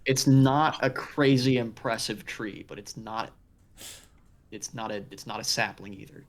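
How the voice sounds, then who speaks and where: A man running a tabletop game as game master, narrating with dry, deadpan descriptions. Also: mid-range voice, measured pace.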